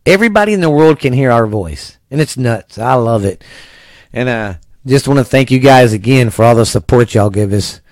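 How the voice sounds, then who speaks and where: A man's voice: medium pitch, expressive, moderate pace, a little mellow, no room sound, clean studio sound. A man from Texas hosting a casual family podcast, easygoing and rambling, cursing now and then. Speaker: podcast host.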